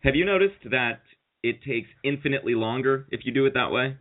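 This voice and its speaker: A man spins a long, rambling story for a chat show, cursing freely and acting out what other people said. His pitch sits right in the middle. The sound is thin and tinny, like it came over a phone line. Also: lively intonation, a little fast. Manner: rambling, profane anecdotes with acted-out quotes. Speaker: podcast co-host.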